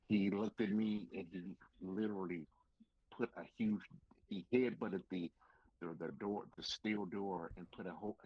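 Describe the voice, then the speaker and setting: A man with a deep, husky voice tells his wrestling stories as a podcast guest. He acts out every quote and swears casually along the way. The sound is dry and close, but slightly dull and lo-fi. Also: dry recording. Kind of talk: casual storytelling interview.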